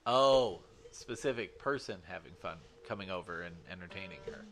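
A man's voice: low voice, expressive, moderate pace, a bit bright. A man hosting a casual family vlog at home, joking and teasing with playful swearing.

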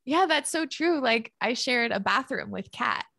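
A woman's voice: fairly high pitch, expressive, a little slow, gravelly, bright, forceful tone, dry recording, studio quality. A young woman talking casually as a podcast guest. She is chatty, says "like" a lot and laughs often. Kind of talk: casual conversation.

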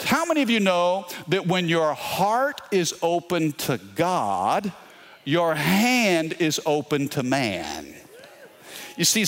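A middle-aged pastor with a Louisiana accent preaching in a fairly high voice. He tells a personal story with repeated words and keeps calling out to the congregation. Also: vocal fry, a bit bright. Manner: storytelling with repetitions and crowd call-outs. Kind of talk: sermon.

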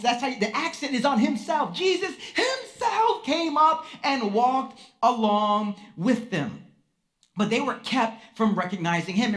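Emphatic woman preaching a sermon. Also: on the high side. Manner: emphatic, with sharp swings in pace and loudness; drops to a hush on key words. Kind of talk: sermon with scripture reading. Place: room with a congregation.

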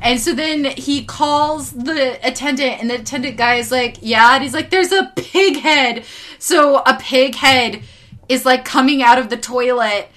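A high-voiced woman chatting casually on a podcast, her tone bright and sharp. She sounds exasperated, swears freely and acts out lines as she recaps. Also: fairly even intonation, moderate pace. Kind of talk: casual chat recapping an anime.

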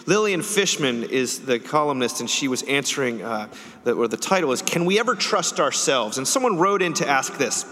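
A man's voice: mid-range voice, big pitch swings, normal speed, sharp tone. A man hosting a casual podcast chat, steering the topics and reading a letter aloud. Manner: steers the talk, reads listener letter aloud. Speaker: podcast host. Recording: long hall reverb.

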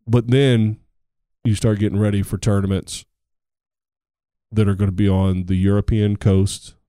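Rambling low-voiced man in casual chat. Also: measured pace, dry recording, studio quality. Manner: rambling, restarts, animated when excited. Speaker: tennis podcast co-host, coach.

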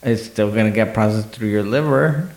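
Easygoing male co-host, low gravelly voice, echoey room, relaxed banter. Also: normal speed. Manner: easygoing, lots of agreeing. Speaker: podcast co-host. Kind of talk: casual chat.

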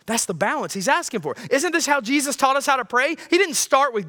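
A male pastor preaching a sermon, swinging between loud high bursts and quiet low lines. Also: big pitch swings, brisk.

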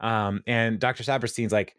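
A man hosting a casual chat, retelling an episode in a halting, rambling way with frequent chuckles. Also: fairly low pitch, fairly even intonation, fairly bright tone, smooth, dry recording, studio quality. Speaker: podcast host recapping a TV episode.

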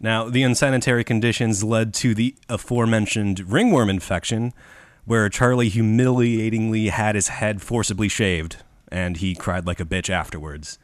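A man's voice: on the low side, steady tone, normal speed, no echo, clean studio sound. A man with a Chicago accent hosting a podcast, telling a history story from notes in a crude, irreverent, laughing way. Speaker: podcast host. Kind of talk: casual chat reading from notes.

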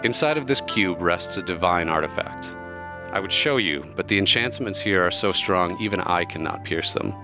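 A man voicing a calm, solemn female goddess of life who speaks slowly and in a measured way. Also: deep voice, over music.

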